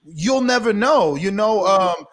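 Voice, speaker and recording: A man as a guest in a casual interview, talking in a measured, insistent way full of rhetorical questions. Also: high voice, lively intonation, fairly bright tone.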